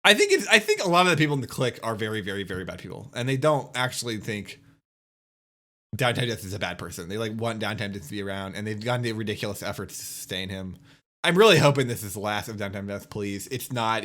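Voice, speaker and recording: Young male streamer, bright voice, exasperated scolding rant to camera. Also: fairly low pitch, sing-song, quick pace. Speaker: YouTuber and streamer. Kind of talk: ranting commentary to viewers.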